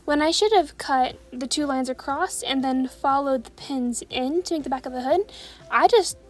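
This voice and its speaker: A woman's voice: high-pitched, normal speed. Chatty self-deprecating woman vlogger. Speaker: sewing vlogger. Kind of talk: casual vlog narration.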